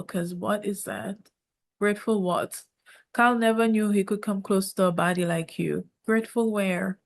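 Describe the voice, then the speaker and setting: A woman, reviewing a reality show in casual commentary, sassy and sarcastic, slipping into mocking quoted voices. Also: medium pitch.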